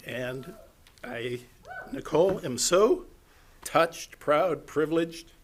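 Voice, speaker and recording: An older American man with a slightly higher voice stands up to hand out an award. He speaks with an American accent, and he is visibly moved and choked up as he talks. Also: takes it slowly, slight background noise. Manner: emotional, choked up. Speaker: award presenter. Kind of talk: ceremony speech.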